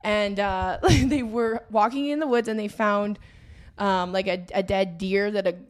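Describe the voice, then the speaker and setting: A woman's voice: medium pitch, a little slow. A woman comedian co-hosting a casual comedy podcast, telling stories in a giggly, rambling way.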